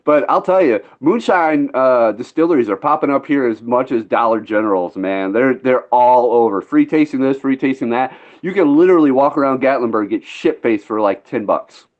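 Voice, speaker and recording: A man's voice: mid-range voice, animated, normal speed, few pauses, muffled recording. A man telling a long story in casual chat, laid-back and rambling, swearing freely. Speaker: podcast host.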